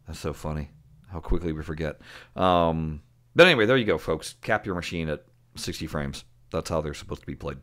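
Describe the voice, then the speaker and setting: A man co-hosting a podcast, talking in a low, deep voice. He chats loosely, laughs often and fills the gaps with ums and uhs. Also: brisk, fairly bright tone. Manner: chatty, laughs often, trailing fillers. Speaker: podcast co-host. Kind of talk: casual chat.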